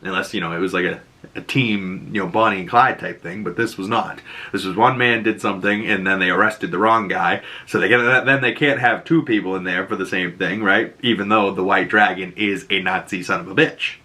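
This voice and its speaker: A man with a Boston accent giving a casual, animated episode recap, swearing freely and acting out characters' lines in jumped-up voices. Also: low voice, brisk. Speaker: pop culture recap host.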